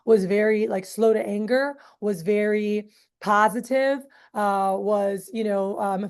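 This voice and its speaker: Woman, 30s, meeting leader, mellow tone, chatty, filler-heavy, acts out quotes. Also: mid-range voice. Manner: acts out quoted voices in storytelling. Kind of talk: casual talk to a group.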